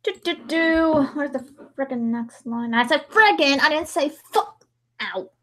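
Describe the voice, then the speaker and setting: A high-pitched young woman livestreaming as she edits. Her talk is loose and chatty, full of giggles and asides to herself. She muses out loud between tasks. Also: measured pace. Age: young adult. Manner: chatty, giggly self-talk with frequent laughs. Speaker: livestreamer editing a dramatic reading. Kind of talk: casual chat while editing.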